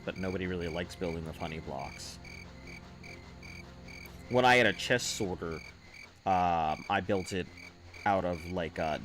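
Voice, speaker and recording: Low-voiced man chatting on a stream. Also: a bit bright. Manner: rambling and offhand, answering chat with fillers. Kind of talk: casual live-stream chat.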